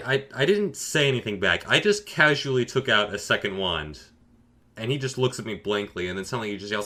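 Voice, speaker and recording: A man telling a comedic gaming story with dry, sarcastic boasting. His pitch swings widely through the telling, and his voice is bright and forceful. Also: animated, moderate pace.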